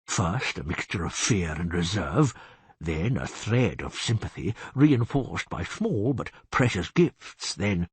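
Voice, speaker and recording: A man reading the part of a genial, boastful cursed beast-man with a husky voice, chatting wryly in an audiobook. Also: low-pitched, sing-song, takes it slowly, dry recording, heavily acted. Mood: weary. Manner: chatty, confiding, wry.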